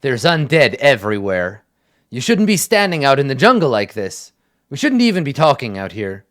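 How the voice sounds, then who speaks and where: Stern, hulking camp commander, put on by a game master; slow, gruff delivery that swings high when irritated. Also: male voice, sing-song, fairly bright tone, no room sound, studio quality. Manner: slow, stern, easily distracted. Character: huge stern male camp leader, gruff.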